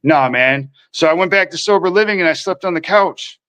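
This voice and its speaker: Slightly high and brisk, with a sharp but smooth tone, the Minnesota guest recounts his recovery on a podcast over a rough recording. His telling is rambling and slangy, with other people's words acted out.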